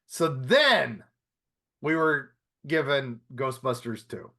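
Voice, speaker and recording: A man's voice: medium pitch, expressive, slow pace, pushed and bright. A man co-hosting a podcast, chatting casually and rambling through restarts and asides. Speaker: podcast co-host. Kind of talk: casual chat.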